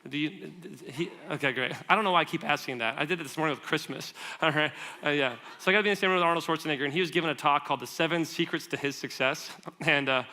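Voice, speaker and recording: A man giving a guest sermon, conversational and animated, asking the audience questions and telling stories with quick asides. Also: on the high side. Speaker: guest speaker.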